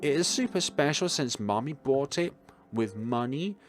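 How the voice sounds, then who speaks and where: A man voicing a small, timid little girl who talks about herself by name, in a high squeaky voice. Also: expressive, moderate pace, faint music behind, natural voice. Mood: happy.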